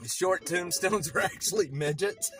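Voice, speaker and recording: The audio is poor as a man with a medium-pitched voice streams live outdoors in a cemetery from a handheld phone. Shivering from the cold, he narrates casually, rambling, laughing a lot, and chatting with his viewers.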